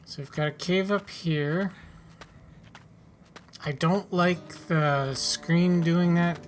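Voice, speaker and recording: A man's voice: on the high side, steady tone, takes it slowly, a little hiss or hum. A man casually commenting on his own video game play, wry and offhand, often muttering asides under his breath. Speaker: gaming YouTuber.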